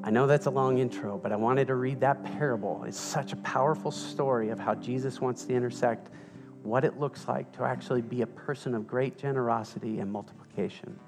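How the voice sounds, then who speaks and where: Animated male pastor in reverberant hall. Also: mid-range voice, brisk. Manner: playful, animated storytelling. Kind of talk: sermon. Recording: reverberant hall with music underneath.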